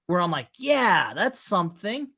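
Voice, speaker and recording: Guy on a podcast going off on tangents, swears a lot, does everybody's lines himself, pretty lively pitch. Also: a little slow. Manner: rambling, profane storyteller who acts out quotes. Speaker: podcast co-host. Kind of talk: casual chat. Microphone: remote call mic.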